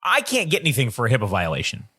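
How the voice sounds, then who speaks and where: A man's voice: medium pitch, huge pitch swings, very fast, bright, forceful tone, husky. A young man on a podcast, telling a story in a casual, profane, self-mocking way. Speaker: podcast co-host.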